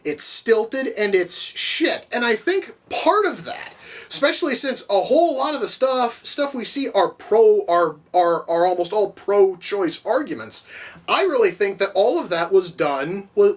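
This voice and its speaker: A woman's voice: medium pitch, sing-song, unhurried. Rambling, cursing woman reviewer, distant mic. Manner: profane, rambling with many restarts and fillers. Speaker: film reviewer. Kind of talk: casual video review.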